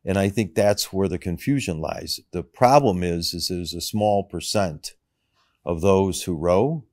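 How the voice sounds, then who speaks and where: A man who is a guest on a podcast, explaining his ideas in a measured way. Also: sits low, darkish tone, no echo, clean studio sound. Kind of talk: conversational interview.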